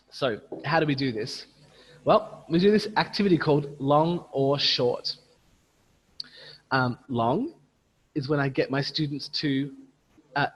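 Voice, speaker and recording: A man leading an online teacher training, patiently modelling words slowly and repeating them for his audience over a video call. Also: on the high side, breathy edge, long reverb tail, rough recording. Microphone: computer mic on a video call.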